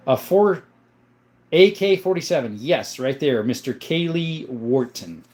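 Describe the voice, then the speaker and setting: A man hosting a casual livestream, reading viewer comments aloud and answering them in a relaxed, chatty way. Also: mid-range voice, a little slow. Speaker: livestream host showing his gun collection. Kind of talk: casual live-stream chat.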